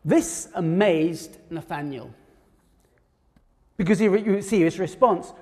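Man, preacher, high voice, conversational sermon, long reverb. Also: takes it slowly, pauses often, dark tone. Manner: conversational, with fillers and restarts.

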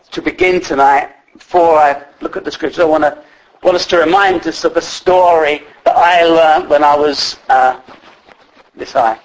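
A man's voice: on the high side, low-quality recording. A man preaching a sermon in a conversational way, with many fillers and restarts.

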